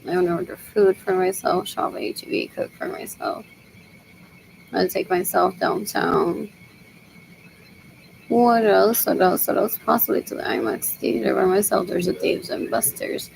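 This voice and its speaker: Gravelly woman muttering a slow monologue. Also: medium pitch, a little mellow, slight background noise, rough recording. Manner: repetitive, muttering to herself. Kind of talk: rambling solo monologue.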